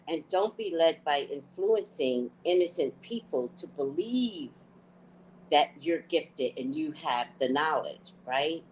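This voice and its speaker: A woman's voice: low-pitched, expressive, takes it slowly, a little mellow, slight background noise, poor audio. A woman hosting a casual book discussion. She talks candidly and laughs while telling stories. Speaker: host.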